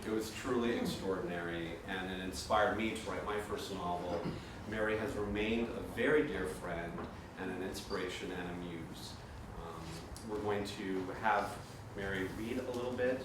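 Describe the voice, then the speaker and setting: A young man welcoming guests and introducing the next speaker in a casual way. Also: fairly low pitch. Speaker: event host. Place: indoor reception room. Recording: echoey room, mic far off, noisy.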